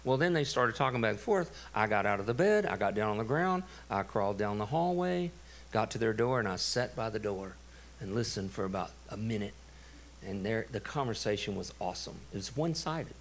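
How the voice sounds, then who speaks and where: A middle-aged man, a pastor telling a story in a sermon, animated and laughing. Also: lowish voice, fairly quick, slight background noise. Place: church.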